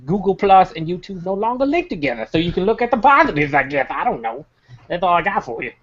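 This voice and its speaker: A man's voice: high voice, big pitch swings, quick pace, fairly bright tone. A man hosting a casual group video chat, joking around and adding "baby" to his sentences, heard through a webcam. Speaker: host. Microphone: webcam on a video call. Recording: muffled lo-fi video call audio.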